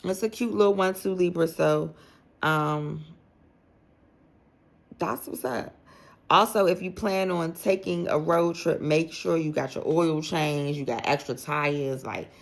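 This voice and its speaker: A woman with a low, gravelly voice gives a relaxed tarot reading for the zodiac signs. She talks straight to each sign in a chatty, slangy way, packing her sentences with "like." The feel is loose and conversational, not scripted. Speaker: tarot reader.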